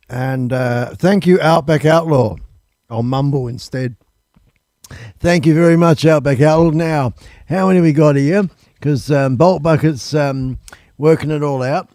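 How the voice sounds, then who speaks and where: A man's voice: on the high side, darkish tone, no echo, clean studio sound. A man hosting a live stream, chatting casually and rambling with lots of ums and uhs. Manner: easygoing, swears casually.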